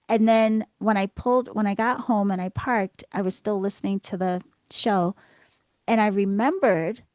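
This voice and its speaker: A woman's voice: mid-range voice, normal speed, a little mellow, dry recording. Woman podcast host, casual storytelling, acts out her reactions, dry close sound.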